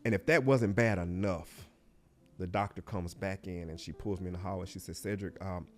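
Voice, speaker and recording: A middle-aged man, a guest on an interview show, telling a personal story in a reflective, heartfelt way that often drops to a hush and halts. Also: low-pitched, steady tone, normal speed.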